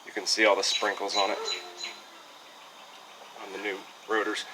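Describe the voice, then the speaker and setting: Filming on a handheld action camera outdoors near train tracks and a hill, a young man speaks at normal speed in a low, monotone voice with background noise behind him. Out of breath on the hill, he keeps up a casual, self-mocking vlog, a little winded.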